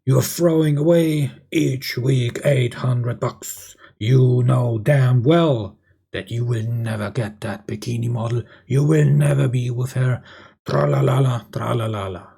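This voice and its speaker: A man voicing an angry, nagging middle-aged wife who scolds and mocks in a shrill tone. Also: fast talker, gravelly, few pauses, dark tone, husky. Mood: angry scolding.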